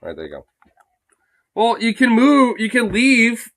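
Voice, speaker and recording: Foul-mouthed, bright-voiced male streamer. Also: very high-pitched, wildly swooping pitch, measured pace. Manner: profane, exasperated, laughs often. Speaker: livestreamer. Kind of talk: live-stream reaction rant. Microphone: phone.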